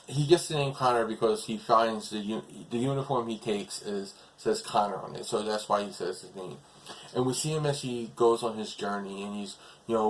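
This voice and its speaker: A man's voice: fairly low pitch, a little hiss or hum, poor audio. A man casually retelling a TV episode as a reviewer, rambling along with lots of fillers.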